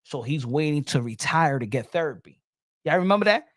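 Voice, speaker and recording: High-voiced blunt man ranting about boxing. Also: lively intonation, a little fast, a bit bright, no room sound, clean studio sound. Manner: blunt, profane, repeats words and restarts. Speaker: boxing podcast host. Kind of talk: casual opinion rant.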